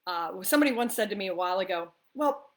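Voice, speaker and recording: A woman's voice: medium pitch, expressive, rapid-fire. A woman who is a spiritual life coach, talking to camera in a casual coffee-talk monologue. She is upbeat and chatty, often tosses in "right?" and laughs easily. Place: the East Coast of the US.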